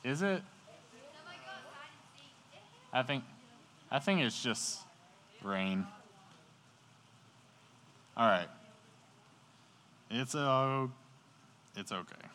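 Animated and forceful, a man with a bright, medium-pitched voice stretches out his words and leaves long pauses. His casual sermon to a youth group uses slangy, conversational storytelling and questions for the audience. It's recorded in an echoey indoor hall beside a sports field, rain falling outside.

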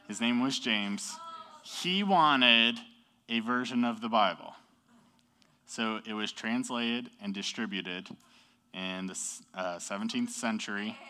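Young male youth teacher, bright tense tone, casual and upbeat, keeps asking "okay?". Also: lowish voice. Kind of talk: classroom teaching.

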